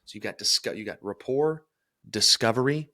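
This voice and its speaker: A man's voice: mid-range voice, moderate pace, pushed and bright, no echo, clean studio sound. A young man hosting a solo podcast, talking energetically and emphatically about self-improvement. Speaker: podcast host.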